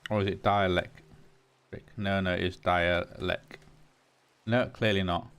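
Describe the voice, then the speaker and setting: Low-voiced man musing over gameplay. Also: steady tone, unhurried, vocal fry, fairly bright tone, clean tone. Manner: muses aloud, talks to game items. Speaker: gaming channel host. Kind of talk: casual gameplay commentary.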